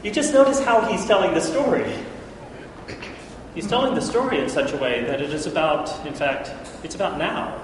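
A man preaching a lively Bible lesson, who jokes with the room and calls out listeners by name. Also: high voice, normal speed. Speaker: preacher teaching a Bible class. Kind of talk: lively sermon. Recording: echoey hall from far off, faint noise.

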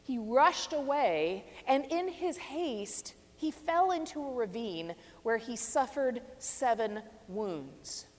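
A woman preaching a reflective sermon, measured and stressing key phrases. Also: a little high, lively intonation. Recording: long reverb of a large hall.

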